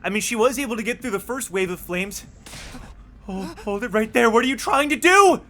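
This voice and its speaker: Jumpy, excitable let's-play streamer. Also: mid-range voice, a little fast.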